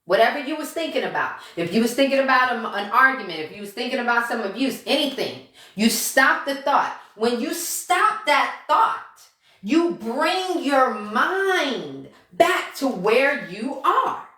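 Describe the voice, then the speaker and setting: A woman with a raised, bright, forceful voice teaches mindset steps to her followers. She repeats every key point and tags nearly each line with "okay?" or "right?", sometimes acting out her inner thoughts. The sound is roomy, recorded in an echoey room at home. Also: high-pitched, very animated, a little slow. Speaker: mindset coach. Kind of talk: casual self-help lesson to followers.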